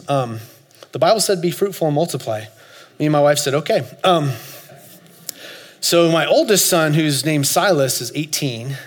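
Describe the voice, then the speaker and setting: A man in his forties preaching a sermon, telling a story with loud high bursts and soft low asides. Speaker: pastor. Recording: long hall reverb, faint music.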